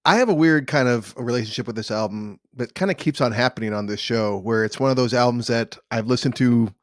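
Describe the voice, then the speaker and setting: A man's voice: mid-range voice, fast, no room sound, studio quality. A man hosting a music podcast, chatting loosely and joking with a friend over a remote call. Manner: laid-back, joking, swears casually. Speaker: podcast host. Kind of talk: casual chat. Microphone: headphones and mic on a video call.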